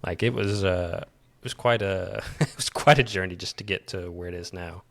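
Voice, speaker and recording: A man's voice: deep voice, moderate pace, vocal fry, a bit bright, slight background noise. A man with a Midwestern accent, co-hosting a casual tech podcast and explaining his project at a rambling pace with frequent restarts. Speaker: podcast co-host and developer.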